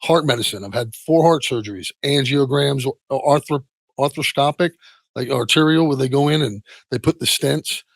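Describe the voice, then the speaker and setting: A middle-aged retired football player tells his story candidly in an interview, often halting and trailing off into soft asides. His mid-range voice is gravelly, with no echo.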